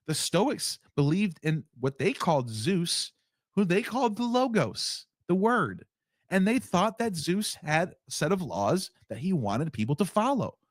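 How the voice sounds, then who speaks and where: A man on a livestream giving heated commentary on a video, firing off rapid rhetorical questions and getting worked up. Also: sits high, no echo, studio quality. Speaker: streamer reacting to a video.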